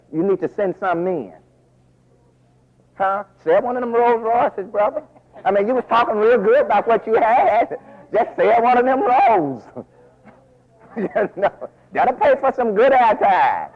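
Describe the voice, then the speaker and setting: A man preaching a folksy, animated sermon full of asides, recorded as a dull lo-fi radio broadcast. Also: very high voice, measured pace.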